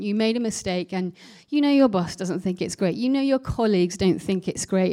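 Mellow-voiced woman preaching a sermon. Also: medium pitch. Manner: conversational, reflective, with rhetorical questions.

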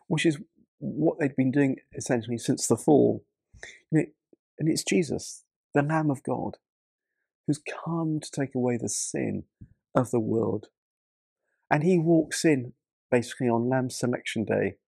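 A man preaching a sermon, often restarting with repeated words and swinging between soft lows and loud bursts. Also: creaky, slightly rough, no room sound, clean studio sound. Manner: repeats words when starting sentences, dramatic shifts in pitch and loudness. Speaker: pastor.

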